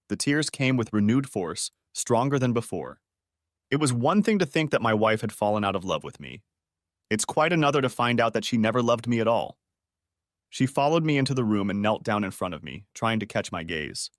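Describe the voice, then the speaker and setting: A man's voice: on the low side, very animated, fairly quick, dry recording, clean studio sound. A man narrating a first-person story in a dramatic, emotional way.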